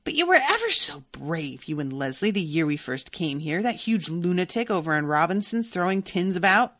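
A woman's voice: lowish voice, very animated, moderate pace, a bit bright. A woman reading aloud as a lonely older woman who chatters and gossips. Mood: fond. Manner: fussy and gossipy.

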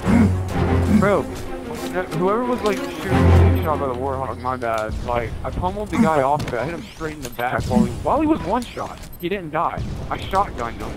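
A young man in casual multiplayer game chat, animated and swearing as he calls out plays. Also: on the high side, normal speed. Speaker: gamer. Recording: gameplay audio loud behind voice. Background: game music and gunfire.

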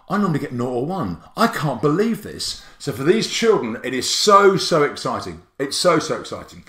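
A man walking teachers through a spelling app, excitable and theatrical, with a jokey streak. His pitch leaps around a lot. The room around him rings with echo. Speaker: app creator and teacher presenter. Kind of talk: tutorial presentation.

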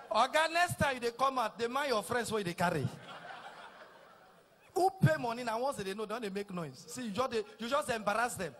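A middle-aged Nigerian man with a Nigerian Pidgin accent, doing a teasing stand-up routine that repeats lines and shouts punchlines. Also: very high voice, lively intonation, a little fast, a faint crowd. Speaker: stand-up comedian. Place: live comedy stage.

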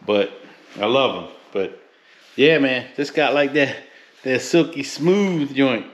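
A sneaker reviewer from the Philadelphia–New York area unboxes a pair in a casual vlog, with loose, slangy, joking asides. His voice is mid-range and slow. The room is echoey and the sound somewhat muffled.

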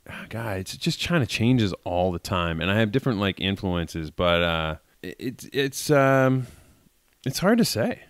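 A man's voice: lowish voice, big pitch swings, measured pace, clear, resonant tone, no room sound, studio quality. A middle-aged man from Massachusetts with a faint Massachusetts accent, a podcast guest telling rambling stories full of filler words. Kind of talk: casual podcast chat.

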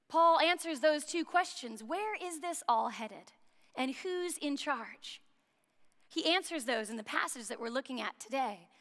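An American woman delivers a sermon with a high, bright voice. She keeps it chatty and joking and poses questions to the congregation. Her voice rings out with long reverb through a church hall. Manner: conversational and humorous, with rhetorical questions. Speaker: priest.

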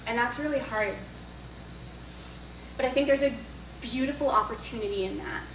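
A woman's voice: a little high, moderate pace, a bit bright, recorded from a distance. Chatty young woman in an echoey hall. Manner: chatty, storytelling, frequent likes and self-corrections. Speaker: speaker at a young adult faith event. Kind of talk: casual talk to a group with Q&A. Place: parish hall. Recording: echoey room, voice off-mic with faint noise.

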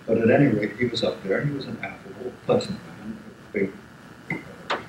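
A man's voice: lowish voice, fairly quick. Older man lecturing in an echoey hall. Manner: rambling, with frequent restarts and asides. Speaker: guest lecturer. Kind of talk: informal lecture storytelling. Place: lecture room. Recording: echoey hall, background noise.

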